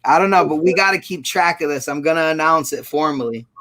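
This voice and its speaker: A man's voice: a little high, quick pace, pushed and bright. A man chatting casually on a live stream, telling rambling stories with restarts and repeats. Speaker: storage auction buyer and show regular.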